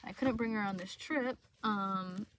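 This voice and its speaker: A woman in an emotional confessional vlog, tearful and choked up, talking in halting bursts, repeating herself and swearing. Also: medium pitch, fairly bright tone, a little hiss or hum. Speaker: vlogger. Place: inside a parked car.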